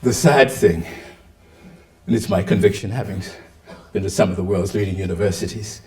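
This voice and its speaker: Older guy giving a lecture, voice jumps all over, sounds a bit far from the mic in a roomy hall. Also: medium pitch. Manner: animated, rhetorical questions, acts out quotes. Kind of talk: public lecture.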